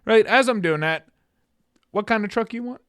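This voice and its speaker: A man's voice: high-pitched, normal speed, fairly bright tone, clean tone, dry recording, studio quality. A young man co-hosting a podcast in casual chat, telling stories animatedly and acting out what others said. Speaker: podcast co-host.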